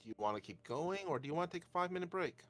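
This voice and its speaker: Lively-voiced man running a tabletop game. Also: a little high, rapid-fire. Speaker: game master.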